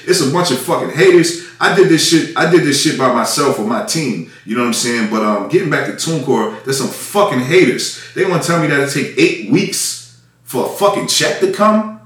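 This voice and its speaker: A man's voice: medium pitch, fairly bright tone. A man, an independent music artist, delivering an angry, profane rant that circles back on itself again and again. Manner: profane, heated, repetitive. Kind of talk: angry ranting monologue. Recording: echoey room, mic at a distance.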